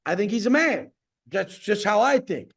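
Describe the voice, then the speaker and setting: Man, coach, video call, gravelly voice, profane boastful rant. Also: high voice, very animated, normal speed.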